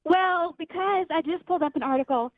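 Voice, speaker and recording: A woman's voice: extremely high pitch, brisk, no room sound. A woman calling in to a radio show from a phone, telling a story in a chatty, amused way. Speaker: caller. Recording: tinny phone line.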